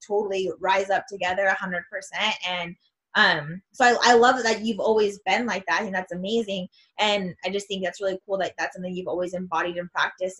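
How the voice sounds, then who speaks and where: Earnest, gushing woman coach. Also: medium pitch. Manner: earnest, gushing, with bursts of excited emphasis. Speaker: women's self-love coach. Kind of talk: casual podcast conversation.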